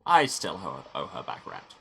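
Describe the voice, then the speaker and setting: A man's voice: extremely low pitch, wildly swooping pitch, normal speed, gravelly, bright, forceful tone, slight background noise. A man hosting a game playthrough, reading the story text aloud and adding wry asides. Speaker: let's play host.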